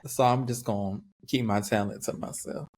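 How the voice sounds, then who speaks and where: A man's voice: fairly low pitch, normal speed. Playful man. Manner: playful, teasing, animated reactions with Southern US slang. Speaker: podcast co-host. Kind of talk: casual podcast chat.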